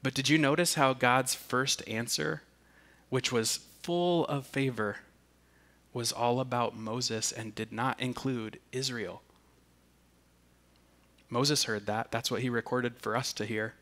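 A man preaching a sermon, deliberate and earnest, often repeating a word as he restarts. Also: medium pitch, fairly even intonation, a bit bright. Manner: slow and deliberate, with emphatic restarts. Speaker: pastor.

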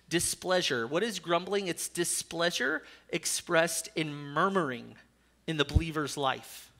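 A man's voice: a little high, pushed and bright. A male pastor preaching a sermon, earnest, with dry jokes slipped in.

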